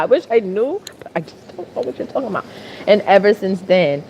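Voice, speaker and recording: Animated, exasperated woman vlogger. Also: on the high side, moderate pace, long pauses, lo-fi sound, a little hiss or hum. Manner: animated, exasperated, repeats phrases for emphasis. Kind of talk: storytelling vlog rant.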